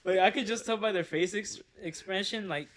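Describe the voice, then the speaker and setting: A twenty-year-old man chats on a podcast in a relaxed way with a slightly high voice. He answers in short, easy replies and tells joking stories. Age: 20s. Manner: relaxed, quick back-channel replies. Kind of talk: casual chat.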